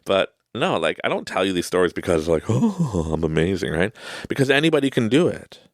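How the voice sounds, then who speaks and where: A man's voice: low voice, very animated, brisk, no echo, clean studio sound. A man hosting a podcast, telling motivational stories in a rambling, casual way with many fillers and asides. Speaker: podcast host.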